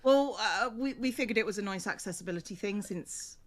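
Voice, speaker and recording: A woman with an accent close to received pronunciation, chatting casually on a livestream, laughing often and thanking viewers. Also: medium pitch. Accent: near received pronunciation English. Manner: giggly, quick to laugh. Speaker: streamer and co-host.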